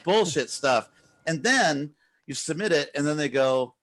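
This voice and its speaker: A man's voice: medium pitch, lively intonation, moderate pace, a bit bright. A man ranting in a casual group chat, swearing and telling a story with exasperation. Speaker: podcast co-host.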